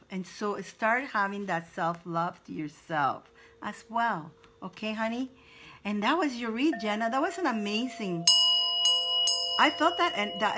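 A woman's voice: mid-range voice, fairly bright tone, a little hiss or hum. A woman hosting a live card reading for her viewers, effusive and exclaiming, repeating her words over and over. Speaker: psychic card reader, host.

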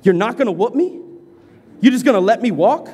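A man's voice: sits high, expressive, fairly quick, a little mellow, breathy edge. A man voicing a defiant young schoolboy who sneers and talks tough before breaking down in tears. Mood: sneering. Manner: sneering and cocky, later pleading in tears. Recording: reverberant church hall.

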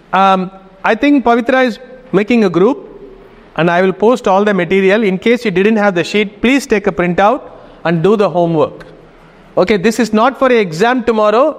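In a large hall, a man with a high-sitting voice teaches a Greek class. He gives instructions and keeps checking in with his students by asking "okay?"

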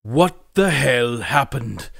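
A man voicing a gruff, battle-worn warlord in an audiobook, growling and commanding. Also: medium pitch, unhurried, no echo, studio quality, voice pushed up, close to an everyday voice. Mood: angry.

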